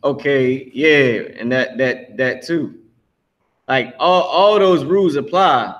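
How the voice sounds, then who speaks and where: A man's voice: mid-range voice, slow pace, fairly bright tone, dull audio. A man teaching a live language class in a loose, slangy way, repeating words as he builds each point.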